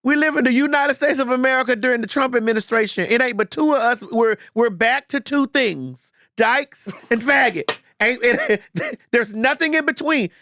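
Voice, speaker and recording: A woman's voice: moderate pace, few pauses, a bit bright, dry recording. A woman hosting a podcast in casual chat, blunt and emphatic, swearing freely. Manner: low and earnest when comforting. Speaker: podcast host.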